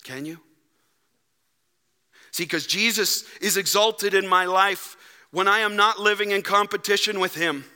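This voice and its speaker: Bright-voiced preacher in echoing church. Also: male voice, high-pitched, a little slow, long pauses, clean tone. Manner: earnest preaching, rising to emphatic repetition. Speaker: pastor. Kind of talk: sermon. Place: church sanctuary. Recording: church hall with long reverb.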